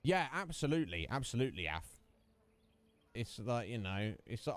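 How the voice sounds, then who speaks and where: A man streaming a video game, commentating in an animated, ranting way and mock-quoting others. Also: mid-range voice, moderate pace. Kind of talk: live gameplay commentary.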